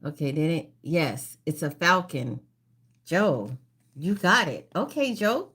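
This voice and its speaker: Woman quiz host on a casual live stream. Unhurried reads, repeats each question. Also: sits low, very animated, fairly bright tone, breathy edge. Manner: reads questions slowly and repeats them, greets viewers by name. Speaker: livestream trivia host.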